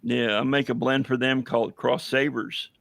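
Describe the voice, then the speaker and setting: A hoarse man chatting casually on a livestream as a veteran guest, rambling with many fillers and telling jokes. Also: medium pitch, flat delivery, normal speed, fairly bright tone, no echo. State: hoarse, losing his voice. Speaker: veteran guest running a coffee business.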